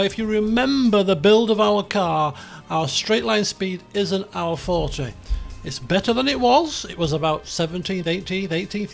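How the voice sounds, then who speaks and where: A man's voice: high-pitched, vocal fry. A man streaming a racing management game, chatting casually in a rambling, self-deprecating way. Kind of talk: casual live-stream commentary.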